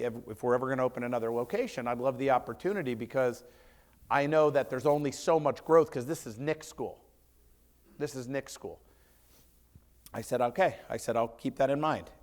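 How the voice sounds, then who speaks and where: A man on stage at a seminar spins a story, his voice on the higher side for a man as he acts out both sides of old conversations. He talks in quick bursts full of restarts and asides, dropping low and quiet for the people he quotes. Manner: animated storyteller acting out dialogue, lots of restarts. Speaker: seminar speaker, martial arts school owner. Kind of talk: storytelling talk to a seminar audience.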